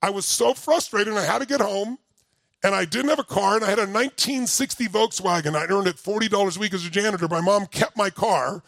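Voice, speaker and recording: High-pitched gravelly man, emphatic speaker. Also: quick pace, no echo. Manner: animated, emphatic storytelling that rises to near-shouting. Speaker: motivational speaker. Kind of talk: live seminar talk to an audience.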